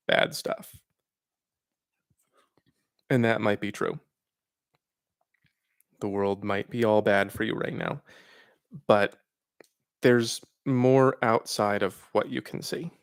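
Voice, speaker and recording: A man hosting a live question-and-answer stream, reading out viewer questions and giving frank, reflective advice with pauses and fillers. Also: fairly low pitch, vocal fry, smooth, no room sound, clean studio sound. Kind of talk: casual livestream Q&A.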